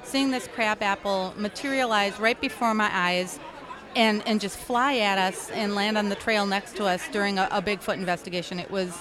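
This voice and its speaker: A woman's voice: medium pitch, normal speed, crowd noise. An older woman, a guest, telling stories in a casual chat and acting out the voices of the people in them. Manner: animated, acts out voices. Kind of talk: casual storytelling.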